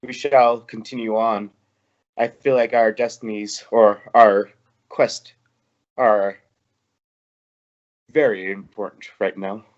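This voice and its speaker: A man's voice: fairly low pitch, fairly even intonation, takes it slowly, long pauses. A man voicing a solemn male traveler in robes who speaks in formal, stately phrases, heard through a dull lo-fi recording. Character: solemn male traveler in robes, earnest about his quest.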